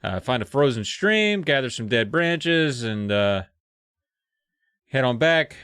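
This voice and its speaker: Co-host, man, casual animated recap voice, dry close sound, mid pitch. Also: takes it slowly, clear, resonant tone, no echo. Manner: animated, acts out characters. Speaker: podcast co-host. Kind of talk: casual chat retelling a book.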